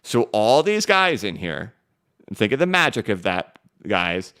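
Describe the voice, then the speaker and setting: A man with a lowish, clean-toned voice hosts a live-stream crypto market show. He talks fast, energetically and emphatically as he works through charts and reads out viewer questions.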